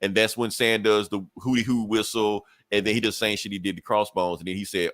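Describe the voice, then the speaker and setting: A man's voice: lowish voice, steady tone, brisk, few pauses, a bit bright, no echo, studio quality. A man co-hosting a podcast, casually retelling a comic book story and acting out the characters' lines with cursing. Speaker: podcast co-host.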